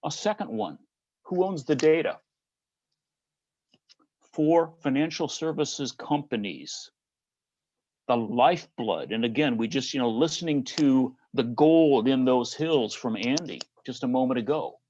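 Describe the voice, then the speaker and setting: A man's voice: mid-range voice, animated, measured pace, a little mellow, dry recording, highs cut off. A man with a Midwestern American accent giving a conference keynote, posing rhetorical questions to the audience. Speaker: conference speaker.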